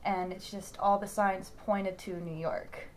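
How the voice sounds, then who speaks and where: A woman's voice: medium pitch, a little slow, slight background noise. A young woman from Houston, Texas, an actress talking casually in an interview, telling stories with lots of fillers and laughs. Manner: animated storyteller, many fillers and laughs.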